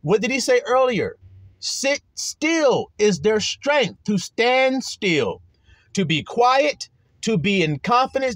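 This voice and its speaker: A man preaching a sermon, reading scripture slowly and stretching the words, then explaining it in blunt, profane street talk. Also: high-pitched, no echo.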